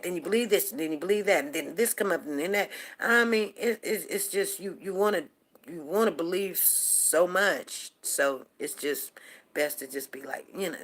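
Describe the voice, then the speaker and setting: A woman's voice: on the low side, fairly bright tone. A woman hosting a talk show, rambling and repeating herself as she makes emphatic points to her listeners. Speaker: show host. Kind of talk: casual talk-show monologue.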